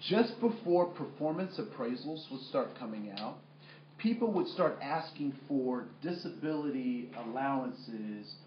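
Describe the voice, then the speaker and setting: A man with a medium-pitched voice leads a workplace training workshop conversationally, using many fillers and putting questions to the room. The recording is muffled and echoey, with slight background noise.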